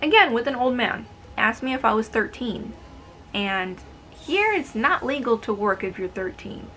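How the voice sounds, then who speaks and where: Unhurried yet expressive, a US woman in her twenties tells retail work stories with a bright, forceful, higher voice. Soft music plays beneath her casual narration, which is sarcastic and exasperated.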